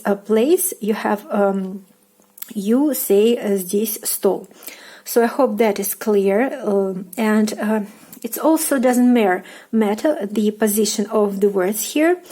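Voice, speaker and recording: A young woman with a Russian accent, a native Russian speaker, giving a casual online language lesson in a halting way with many fillers and restarts. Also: mid-range voice, warm tone. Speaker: language teacher.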